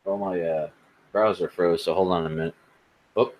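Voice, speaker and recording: A man's voice: sits low, fairly even intonation, moderate pace, lo-fi sound. A man co-hosting a casual tech podcast, blunt, sarcastic and profane in his remarks. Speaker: podcast co-host.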